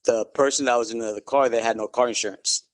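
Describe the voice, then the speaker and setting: A middle-aged man, a guest in an interview, telling his story in a relaxed, good-humored way and saying "you know" often. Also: medium pitch, fast talker, no echo. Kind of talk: casual interview.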